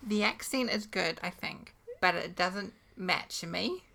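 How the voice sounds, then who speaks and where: Gravelly dry-humored woman co-host. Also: on the low side, slow, sharp tone. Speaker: podcast co-host. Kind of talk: casual chat.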